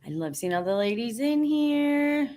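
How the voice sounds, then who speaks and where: A woman talks on a live stream, answering viewer comments as the host. Her voice sits a bit high, and she keeps it upbeat, gushing and encouraging throughout. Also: sing-song, measured pace, warm tone. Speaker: host of a live stream for women Jeep owners. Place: studio.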